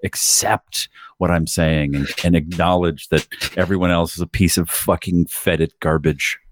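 A man co-hosting a casual chat, telling animated, profane stories and acting out quotes. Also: deep voice, normal speed, slight background noise. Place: Los Angeles.

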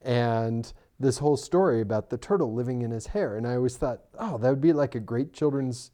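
A man's voice: medium pitch, fairly quick. A middle-aged man co-hosting a podcast in casual chat, telling stories and teasing his friend. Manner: teasing, animated storyteller. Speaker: podcast co-host.

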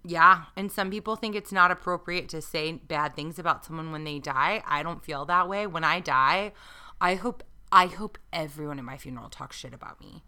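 A woman's voice: deep voice, moderate pace, pushed and bright, clean tone. A woman in her thirties co-hosting a podcast, chatting casually with wry jokes and free swearing. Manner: wry, joking, swears freely. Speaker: podcast co-host. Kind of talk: casual comedic chat.

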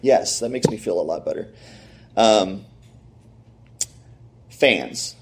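A man's voice: lowish voice, slow. A middle-aged man telling a personal story in a sermon, acting out the voices of the people he quotes. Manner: animated, acts out quoted voices.

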